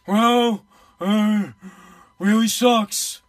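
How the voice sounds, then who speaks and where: A man's voice: high voice, steady tone, extremely slow. A man putting on a whiny, defeatist male basketball coach who mumbles and hesitates with resignation. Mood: mopey, resigned.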